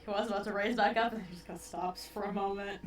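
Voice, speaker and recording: A woman's voice: mid-range voice, steady tone, fast talker, recorded from a distance, a little hiss or hum. A woman as a player in a tabletop game, earnestly describing her character's actions. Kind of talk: tabletop role-play. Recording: roomy, away from the mic.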